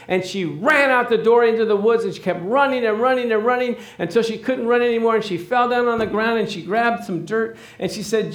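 A man's voice: high-pitched, fairly quick, few pauses, echoey room. A man preaching a sermon to a congregation, telling stories and acting out the dialogue, building up to emphatic points. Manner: storytelling with acted dialogue, rising emphasis. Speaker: pastor.

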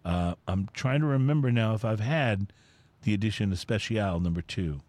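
A man's voice: lowish voice, moderate pace, darkish tone, dry recording. A man co-hosting a casual talk show, reading through a cigar list with lots of fillers and easy enthusiasm. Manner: easygoing, filler-heavy, enthusiastic. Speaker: podcast co-host.

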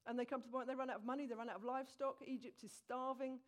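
A woman preaching a sermon, retelling a scripture story in a lively, conversational way and addressing the congregation directly. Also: high-pitched, very fast.

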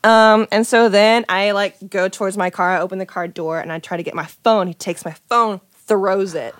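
A woman's voice: medium pitch, fairly even intonation, moderate pace. A young woman in casual chat, telling a personal story with animation, acting out quoted lines and swearing freely.

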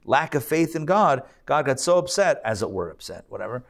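A man's voice: medium pitch, sing-song, brisk, creaky, fairly bright tone. A man teaching a live scripture class as a rabbi, speaking conversationally with fillers and restarts.

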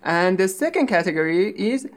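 A woman co-hosting a scripted language lesson as an English teacher, explaining patiently and clearly. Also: medium pitch, lively intonation, moderate pace.

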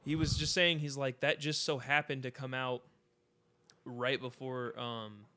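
A man's voice: medium pitch, flat delivery, unhurried, pushed and bright. A man from California chatting casually on a podcast, telling long rambling stories full of fillers. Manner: rambling, filler-heavy storytelling. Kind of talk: casual chat.

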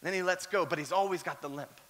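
Guy preaching a sermon, high pitched, repeats himself, animated stories. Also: fast talker. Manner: animated storyteller who often repeats words. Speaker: pastor.

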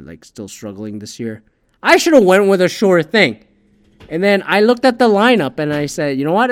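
A man with a slightly higher voice rants casually about his own bad calls, swearing freely and mocking himself. He drops into low mutters, then flares up into loud outbursts. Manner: profane, self-mocking, swings between mumbling and loud outbursts. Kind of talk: casual ranting monologue.

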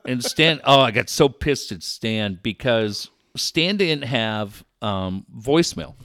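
A middle-aged man telling radio stories in casual chat, animated and profane, laughing often. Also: mid-range voice, takes it slowly, no room sound, studio quality.

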